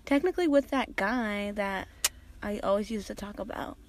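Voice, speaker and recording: A woman's voice: medium pitch, normal speed. A young woman in casual chat, talking hesitantly and trailing off.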